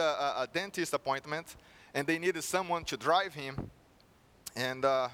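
A man's voice: high-pitched, fairly bright tone. A male preacher delivering a sermon with earnest storytelling and rhetorical questions.

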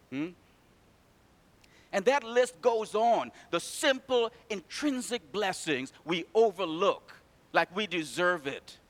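A man preaching a sermon in church, telling stories and calling out to the congregation, swinging from loud to hushed. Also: high voice, animated, slow.

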